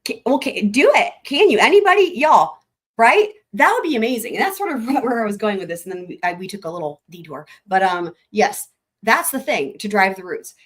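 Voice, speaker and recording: A woman's voice: medium pitch, very animated, normal speed, slightly rough. A woman hosting a casual livestream, chatting with her viewers in a rambling, laughing way, with a lilt. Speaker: livestream host.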